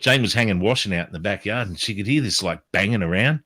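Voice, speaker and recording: A man's voice: on the low side, quick pace. A man telling a story in casual chat, swearing constantly and acting out what people said. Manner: swears constantly, animated, acts out quotes. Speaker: livestream host.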